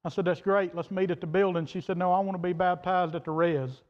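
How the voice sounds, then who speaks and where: Preacher guy telling a story in church, kinda high voice, long echo, muffled sound. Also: fairly even intonation, fast talker. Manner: folksy, plain-spoken, quoting others in turn. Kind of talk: sermon storytelling. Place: church sanctuary. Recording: dull reverberant church hall audio.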